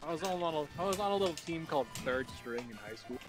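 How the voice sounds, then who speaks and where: A young man with a fairly high voice talks very fast and animatedly while streaming a game, joking, riffing and swearing loosely. Game music plays in the background.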